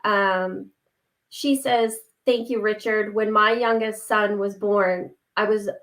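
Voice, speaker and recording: A woman hosting a live interview, reading out questions and comments and pausing often with fillers. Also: medium pitch, steady tone, a bit bright. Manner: appreciative, with many fillers. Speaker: host.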